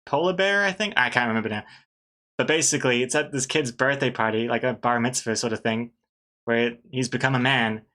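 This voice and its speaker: A man's voice: medium pitch, fairly quick, sharp tone. A man casually chatting on a live art stream while he draws, rambling, trailing off and laughing often. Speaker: artist streaming while drawing.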